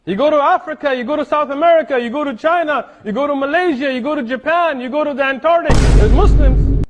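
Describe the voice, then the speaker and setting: A man preaching a fiery lecture, emphatic and shouting at points. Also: extremely high pitch, quick pace, highs cut off. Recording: loud background noise.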